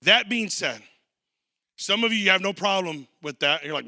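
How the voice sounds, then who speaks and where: A man's voice: high-pitched, lively intonation, normal speed, pushed and bright, no room sound, clean studio sound. A man in his thirties preaching a sermon as a guest pastor, telling stories and acting out quotes. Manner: storytelling with acted quotes.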